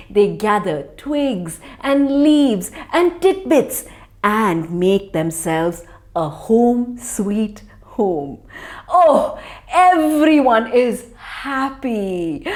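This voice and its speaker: A woman telling a children's fable with theatrical, playful expression, giving bird calls and dropping to a hush for suspense. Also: a little high. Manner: animated, theatrical, with playful crow caws and hushed suspense. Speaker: children's storyteller. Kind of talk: expressive storytelling for kids.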